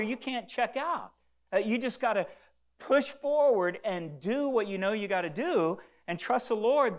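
Male pastor with a high voice, earnest sermon delivery, repeats phrases, loud then soft. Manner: earnest, repeats phrases, varies volume for emphasis.

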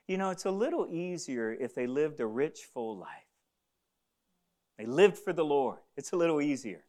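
Impassioned male preacher, lively pitch. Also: moderate pace. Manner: preaching with swings from loud fervor to hushed near-whispers. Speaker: pastor. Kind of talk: sermon.

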